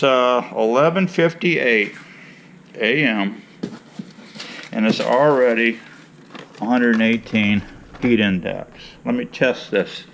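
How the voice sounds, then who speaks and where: A man's voice: medium pitch, a bit bright, a little hiss or hum. A man from Michigan chatting casually to viewers in a folksy, rambling way as he mixes tea outdoors before working his bees. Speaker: beekeeper vlogger. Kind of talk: casual vlog chat. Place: outdoors in hot sun.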